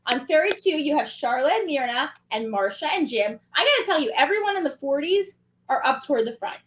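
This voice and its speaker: High-pitched woman, thirties, animated, chatty co-host, casual chat. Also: slight background noise. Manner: chatty, animated, quick asides. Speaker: podcast co-host.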